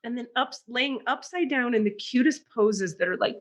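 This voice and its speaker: Casting woman podcast co-host, lively storyteller who acts out quotes. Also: a little high, brisk. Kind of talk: casual chat.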